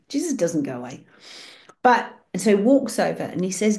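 A woman's voice: mid-range voice, big pitch swings, brisk, warm tone. A woman leading an online prayer session on a video call, speaking in an encouraging, storytelling way. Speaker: prayer group leader.

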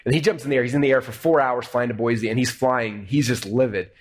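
Fast-talking, excitable man storyteller. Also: medium pitch. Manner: excited, animated retelling with acted-out quotes. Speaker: speaker telling a founding story. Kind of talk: storytelling talk to an audience. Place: presentation room with slides.

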